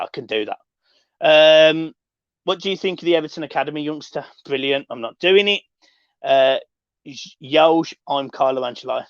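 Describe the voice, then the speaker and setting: A man's voice: medium pitch, no room sound, lo-fi sound. A man hosting a casual live stream, chatting upbeat and reading out viewer comments.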